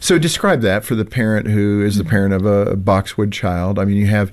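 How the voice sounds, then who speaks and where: A man's voice: on the low side, a little fast, darkish tone. A man hosting a faith-based parenting discussion, asking questions and affirming his guest, drawing on his experience as a father. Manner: inquisitive, affirming, prompts with questions. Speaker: host, father.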